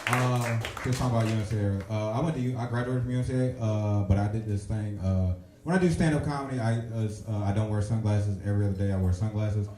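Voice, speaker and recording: A man hosting a comedy show and telling his own jokes, halting with many fillers before loud, excited punchlines. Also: on the low side, a little hiss or hum. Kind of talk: stand-up comedy and emcee introductions. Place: comedy club stage, live audience. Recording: echoey room.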